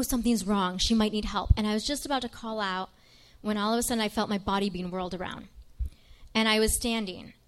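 A woman's voice: fairly bright tone, clean tone. A woman missionary telling her own story to a live audience in a conversational way, speaking straight to her listeners. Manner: dramatic, acts out quoted lines in a much higher voice; conversational, addresses listeners directly.

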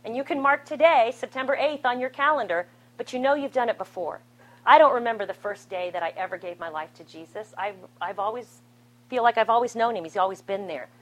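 A middle-aged woman speaking to a live Catholic gathering, telling her testimony in an animated, conversational and self-deprecating way. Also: fairly high pitch, brisk, low-quality recording. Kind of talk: spoken testimony to a live audience. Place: room with an audience.

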